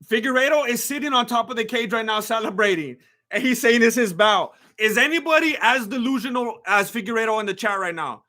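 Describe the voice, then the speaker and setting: A man hosting a live fight watch-along, firing excited, incredulous questions at his chat. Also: extremely high pitch. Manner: talks to the chat with rapid questions. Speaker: livestream host reacting to fights.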